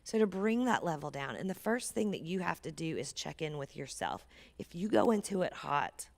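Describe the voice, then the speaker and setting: A woman with a somewhat low, gravelly voice gives an earnest parenting talk to a church audience. She speaks conversationally and drops to a near whisper to stress a point. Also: very animated, normal speed. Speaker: guest speaker.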